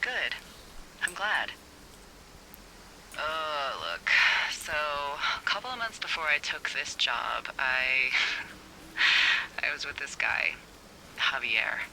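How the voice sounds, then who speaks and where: An actress voicing a witty, teasing woman fire lookout boss on a radio in a video game, with a breathy voice and playful banter. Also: low voice, lively intonation, slow pace, pauses often, pushed and bright, slight background noise, exaggerated voice, rough recording. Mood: confiding.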